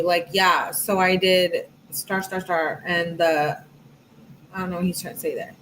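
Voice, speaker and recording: A woman's voice: fairly low pitch, steady tone, a little slow, a little hiss or hum, poor audio. A woman reading text messages aloud in a casual, sarcastic way, adding her own asides. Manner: casual, sarcastic asides, reads with rising emphasis. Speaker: true crime commentator.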